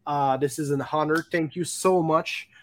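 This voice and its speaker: A man from Quebec with a Québécois French accent, a native French speaker hosting a casual podcast interview in eager, halting English. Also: fairly high pitch, steady tone, noisy background. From Quebec, Canada. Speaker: podcast host.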